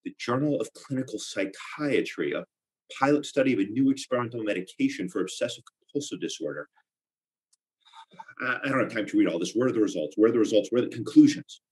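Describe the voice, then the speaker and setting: A man's voice: fairly low pitch, expressive, fast, a little mellow, low-quality recording. A man performing a theatrical comic monologue, with anxious, obsessive repetitions and wry asides. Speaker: solo performer.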